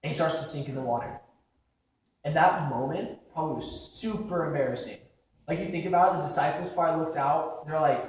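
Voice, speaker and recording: A young man giving a casual sermon, talking conversationally with lots of "like" fillers and acting out quick quotes. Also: fairly high pitch. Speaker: preacher. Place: large echoing church hall. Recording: very echoey hall from far off.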